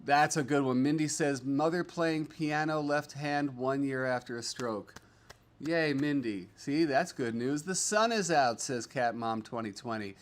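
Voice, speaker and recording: His mid-range voice runs a little slow as he hosts a relaxed livestream. The middle-aged man reads comments from viewers aloud, upbeat and rambling, with plenty of filler words.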